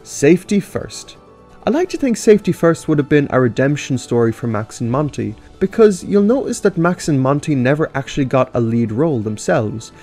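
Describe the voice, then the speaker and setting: A man's voice: fairly high pitch, very animated, moderate pace, dark tone, soft background music. A man, a YouTube commentator who reads story outlines aloud and comments on them in a casual, frank way with mild swearing.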